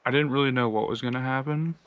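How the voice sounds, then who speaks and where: A man's voice: mid-range voice, fairly even intonation, fast talker, a bit bright, muffled recording, a little hiss or hum. A man from the United States casually telling a travel story, rambling with lots of fillers and laughing as he goes. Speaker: long-distance walker vlogging.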